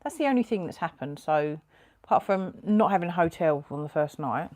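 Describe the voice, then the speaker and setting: A woman in casual chat with her travel partner, making dry, gently teasing remarks. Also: lowish voice, expressive, fairly quick. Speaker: motorcycle travel vlogger. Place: hotel room, indoors.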